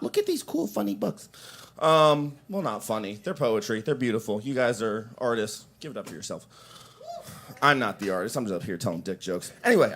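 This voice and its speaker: A young man doing a stand-up set on a coffee shop stage mic, crude and rambling. His pitch swings up and down a lot, and he breaks into loud impressions of the people in his stories. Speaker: open mic comedian.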